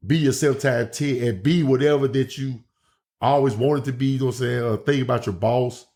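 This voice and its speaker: A man talks in an easy, loose way, circling back and restarting his sentences as he tells stories from the ring. His voice sits at a middling pitch, the way a guest talks in a relaxed chat. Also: brisk, vocal fry. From Memphis, Tennessee, USA. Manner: loose, rambling, many restarts and fillers. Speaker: pro wrestler, guest host. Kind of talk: casual storytelling chat.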